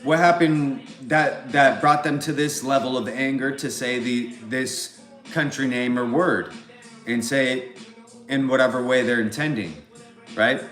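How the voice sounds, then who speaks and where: A man's voice: mid-range voice, steady tone, measured pace, a bit bright, soft background music. Profane rambling Californian man. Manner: profane, rambling, repeats filler phrases. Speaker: vlogger. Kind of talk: rambling monologue. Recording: roomy echo.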